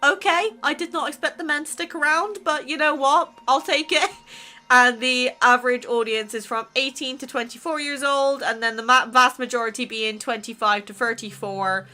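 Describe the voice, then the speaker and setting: A woman casually chatting as a YouTube creator, excitable and full of exclamations as she goes over her channel. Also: high voice, normal speed. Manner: excitable, exclaiming, laughs between remarks. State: emotional, near tears. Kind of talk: casual vlog chat reviewing channel stats.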